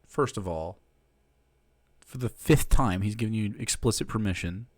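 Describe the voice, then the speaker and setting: A man's voice: fairly low pitch, normal speed. Sarcastic young man streamer. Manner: sarcastic, mocking, talks over clips. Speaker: streamer reacting to clips. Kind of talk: casual stream commentary.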